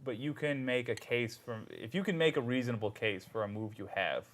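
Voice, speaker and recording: Male game master, mid pitch, vivid unhurried scene narration at the table.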